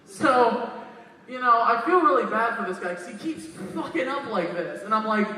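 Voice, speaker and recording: A man's voice: high-pitched, lively intonation, moderate pace, pushed and bright, a little hiss or hum. A man doing stand-up comedy at a convention, telling crude stories and acting out the quoted lines. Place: convention panel room. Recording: echoey hall, mic from far off.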